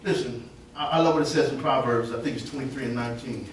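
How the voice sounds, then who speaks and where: Male preacher, high voice, storytelling sermon, very echoey hall with faint ambience. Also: fast, a little hiss or hum. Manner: animated storytelling with call and response. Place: church sanctuary. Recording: distant echoey church recording.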